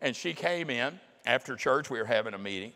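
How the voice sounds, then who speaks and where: A middle-aged man preaching a sermon in a folksy, emphatic way, slowing down to drive his points home. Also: medium pitch, animated, pushed and bright. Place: large church hall. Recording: long hall reverb.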